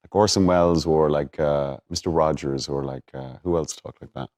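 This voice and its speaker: Deep-voiced Irish man, relaxed. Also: moderate pace. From Ireland. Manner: relaxed, hesitant, many repeated words. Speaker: actor. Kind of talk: casual conversation between actors.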